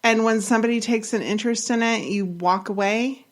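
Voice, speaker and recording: A woman co-hosting a podcast who reacts to a story with dry, wry questions and quick remarks. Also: fairly high pitch. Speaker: podcast co-host. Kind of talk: casual chat, reacting to a story.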